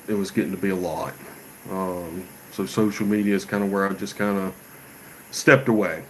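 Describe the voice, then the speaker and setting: A man who runs a gunsmith shop, chatting in a relaxed, folksy, rambling way on a casual livestream. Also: lowish voice, a little hiss or hum, poor audio.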